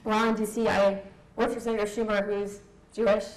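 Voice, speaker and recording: A young woman from Southern California gives a candid, emotional personal talk at a conference, laughing now and then, in an echoey hall. Her mid-range voice has little pitch movement and runs a little fast, with a little hiss or hum.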